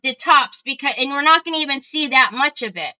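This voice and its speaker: A woman's voice: high-pitched, a little fast, pushed and bright, lo-fi sound. A woman hosting a casual craft livestream, chatting with viewers as she works and thinking aloud.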